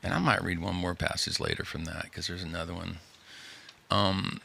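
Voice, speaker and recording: Male host, very deep and gravelly, bright tone, easygoing and rambling. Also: steady tone, moderate pace. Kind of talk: live community show chat. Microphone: studio microphone.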